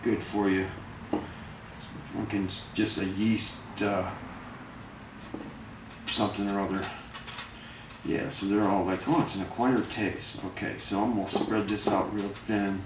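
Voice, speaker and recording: Man, low voice, rambling casual storyteller, swears a lot, far from the mic, echoey kitchen with dishes clattering. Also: flat delivery, a little slow, pauses often, noisy background. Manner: rambling, profane, with many fillers. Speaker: vlogger.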